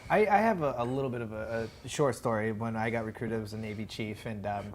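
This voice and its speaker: A man's voice: on the low side, fast, slight background noise. A man, the show's director, talking casually with many fillers and restarts. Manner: rambling, animated anecdote teller with many fillers. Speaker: series creator and director. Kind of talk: casual storytelling commentary.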